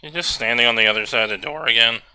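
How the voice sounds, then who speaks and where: A man's voice: mid-range voice, very fast, smooth, no echo. A man commentating on a video game in a sarcastic, exasperated tone. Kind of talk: sarcastic let's play commentary. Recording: game music loud behind voice. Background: game music.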